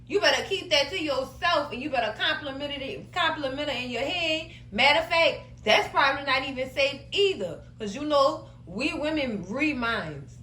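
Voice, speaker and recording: A woman recapping a TV episode in a sassy, animated way, addressing her viewers as cousins. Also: high voice, normal speed, few pauses, roomy sound, slight background noise, rough recording. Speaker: show recap host. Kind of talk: casual recap commentary.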